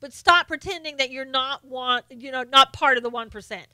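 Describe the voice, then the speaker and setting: A woman's voice: sits high, normal speed, sharp tone, clean tone, dry recording. A woman hosting a casual live stream, chatting and laughing as she reads viewer comments aloud. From Southern United States.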